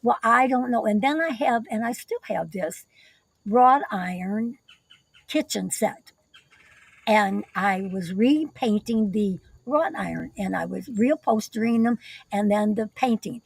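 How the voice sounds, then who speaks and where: A woman's voice: mid-range voice, lively intonation, a little slow, gravelly, husky, dry recording, rough recording. An older woman, the host's mother, telling rambling family stories in a casual chat. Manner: rambling storyteller with filler words.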